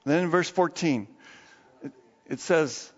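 In a church sanctuary, a male pastor preaches slowly, conversational and animated, sinking into low asides before rising into excited bursts. The audio is dull and muffled, with long hall reverb.

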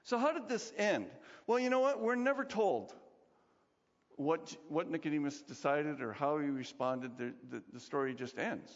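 Animated male pastor, echoing sanctuary. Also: fairly high pitch, moderate pace. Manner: animated, conversational, acts out quotes. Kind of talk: sermon. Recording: dull recording, long hall reverb.

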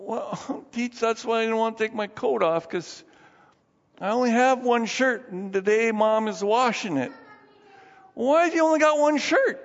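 A man voicing a poor, hungry ten-year-old boy with a squeaky voice, in a sermon story. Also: unhurried. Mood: pleading. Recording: dull sound with long hall reverb.

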